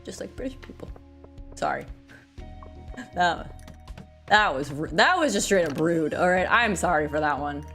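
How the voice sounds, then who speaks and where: A woman's voice: on the low side, expressive, normal speed, pauses often, fairly bright tone, faint music behind. A young woman casually chatting and joking while playing a farming game, rambling and self-deprecating. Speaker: gaming streamer. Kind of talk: casual gameplay commentary.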